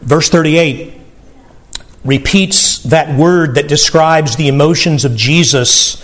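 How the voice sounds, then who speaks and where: A man's voice: a little high, takes it slowly, fairly bright tone. A middle-aged man preaching a sermon, earnest and tender, often repeating words as he stresses a point. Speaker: pastor.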